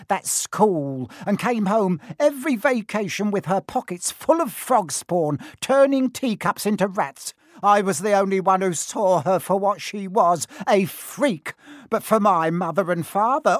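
A man voicing a shrill, bitter, resentful middle-aged aunt who rants and shrieks in a storybook reading. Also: no room sound, clean studio sound. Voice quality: shrieking, ranting.

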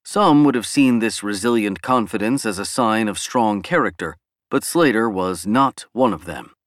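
A man narrating a novel as an audiobook in an even, measured reading. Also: lowish voice, dry recording, studio quality.

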